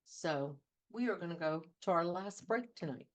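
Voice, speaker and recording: A woman with a somewhat low voice hosts a coaching talk show. She speaks earnestly and conversationally, with the easy pace of casual advice. She leans on repeated phrases to drive her points home. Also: expressive, moderate pace.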